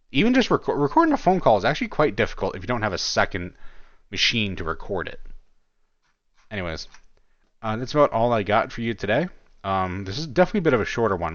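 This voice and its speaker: A man's voice: fairly low pitch, dry recording, dull audio. A man hosting a casual video commentary, musing aloud with many fillers and restarts as he reads through chat logs. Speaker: commentary host.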